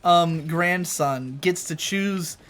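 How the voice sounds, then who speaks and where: A young man with a notably high voice spins a meandering, swear-laden anecdote with playful exaggeration. He sounds relaxed, like he's chatting at home with a faint background hum. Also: slow pace. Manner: rambling, swears freely, jokey exaggeration. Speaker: co-host. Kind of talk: casual chat while gaming. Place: home room.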